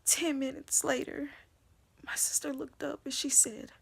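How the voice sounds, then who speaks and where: A young woman telling her personal faith testimony, swinging between hushed whispers and loud emotional outbursts. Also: high voice, flat delivery, measured pace, creaky.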